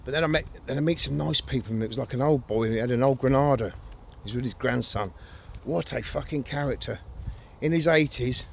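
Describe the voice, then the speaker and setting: A man's voice: medium pitch, fairly quick, gravelly, few pauses, slight background noise. A middle-aged man vlogging outdoors by a river, talking in a blunt, sweary, rambling way. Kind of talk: casual outdoor vlog rant.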